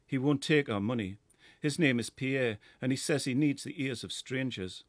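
A middle-aged man with a Geordie accent, reading a first-person story in a measured, lyrical way. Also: mid-range voice, no room sound. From North East England. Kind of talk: scripted first-person narration.

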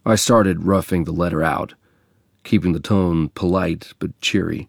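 A man from England narrating a memoir in a measured, reflective reading. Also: deep voice, steady tone, creaky, no room sound, clean studio sound.

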